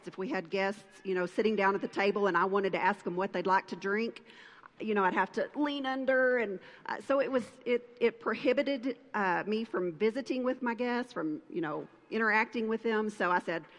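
Woman telling a story, hall echo. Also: mid-range voice. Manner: plain, storytelling with fillers. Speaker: co-speaker at family seminar. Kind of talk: conversational church class talk. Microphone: microphone. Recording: long hall reverb.

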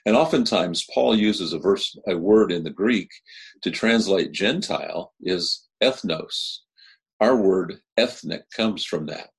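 A man from Kansas giving a recorded sermon as pastor, speaking in an earnest, measured way and rising in pitch to stress key words. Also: gravelly, husky.

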